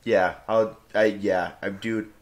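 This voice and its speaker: A man's voice: fairly low pitch, fairly even intonation, takes it slowly. A young man co-hosting a podcast, chatting casually with blunt, dramatic refusals. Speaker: podcast co-host. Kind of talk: casual chat.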